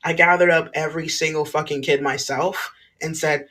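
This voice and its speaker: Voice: mid-range voice, steady tone, normal speed, hardly any pauses, sharp tone. A former school staff member telling a personal story in a blunt, emphatic way, swearing freely.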